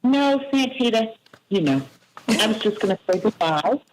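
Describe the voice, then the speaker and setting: High-voiced man, faint background hiss. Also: animated. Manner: halting, restarts often. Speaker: lawyer guest. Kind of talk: panel discussion.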